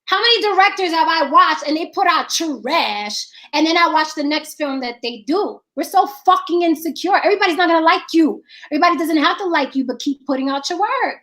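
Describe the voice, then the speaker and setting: A woman's voice: extremely high pitch, expressive, a little fast, few pauses, fairly bright tone. A woman filmmaker in casual chat, talking bluntly with lots of swearing and emphatic repetition.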